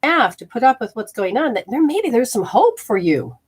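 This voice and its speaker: A woman's voice: a little high, very animated, brisk, husky. A woman hosting a healing show, talking straight to the viewer, emphatic and folksy, with rhetorical questions and exclamatory asides. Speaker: host and energy healer. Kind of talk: instructional health show.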